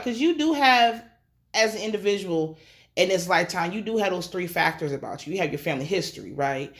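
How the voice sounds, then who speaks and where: A woman's voice: lowish voice, animated, a little fast. A woman recapping a TV episode in a casual, slangy way, swearing freely and acting out the characters' lines. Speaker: TV episode reviewer.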